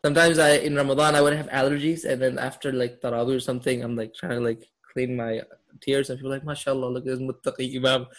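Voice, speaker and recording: A man's voice: medium pitch, level tone, quick pace. A man teaching a class on Quranic Arabic, quizzing his students and laughing often. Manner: asks students questions, upbeat with laughs. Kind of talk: classroom lesson.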